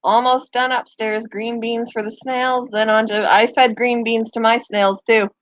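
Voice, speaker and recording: A woman's voice: on the high side, flat delivery, a little slow, dry recording, dull audio. Chatty woman hosting a pet channel. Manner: chatty, rambling, talks to her pets in between. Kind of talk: casual live chat.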